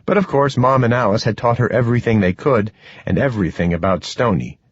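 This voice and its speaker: A man narrating an audiobook in a measured, expressive reading. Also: medium pitch, husky, no echo. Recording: dull, dry, slightly muffled.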